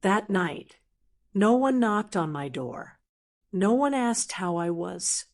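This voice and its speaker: Woman narrator, mid-pitched, slow and clearly enunciated, doing scripted storybook narration for learners. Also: very animated, darkish tone. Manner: slow, plain, clearly enunciated simple sentences.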